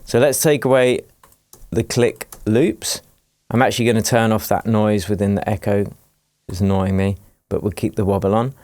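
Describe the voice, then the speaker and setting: A man teaching music production in a screen-recorded tutorial, explaining each step in a relaxed, jokey way. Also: on the low side, moderate pace, no room sound. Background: faint dance music playing from his project.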